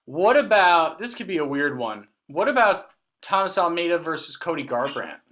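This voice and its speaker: A man's voice: fairly high pitch, big pitch swings, moderate pace, a bit bright. A man co-hosting a casual podcast, trading teasing jokes with his partner. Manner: joking, teasing banter. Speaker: podcast co-host. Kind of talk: casual chat.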